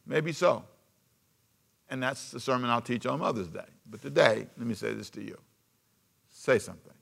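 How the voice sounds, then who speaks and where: Male pastor, sermon delivery, bright forceful tone, dynamic swings loud to hushed. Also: medium pitch, moderate pace, creaky, long pauses. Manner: preaching with sudden swings from loud emphasis to hushed asides.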